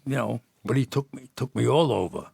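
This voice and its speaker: A man's voice: mid-range voice, animated, fairly quick, creaky, a little mellow, breathy edge, no room sound, clean studio sound. A man, a podcast guest telling rambling stories with frequent laughs and false starts. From Jersey City, New Jersey. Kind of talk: storytelling in casual conversation.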